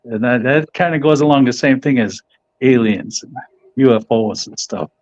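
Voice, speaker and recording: A middle-aged man, a professional boxer, answers interview questions in a relaxed, halting way with frequent restarts. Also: mid-range voice, no room sound. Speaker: professional boxer, podcast guest. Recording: dull, dry audio.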